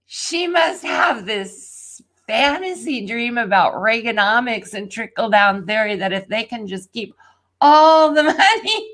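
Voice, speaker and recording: A woman streaming a live tarot reading, excitable and laughing a lot, dropping to whispers and then bursting into shouts. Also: on the high side. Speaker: tarot reader.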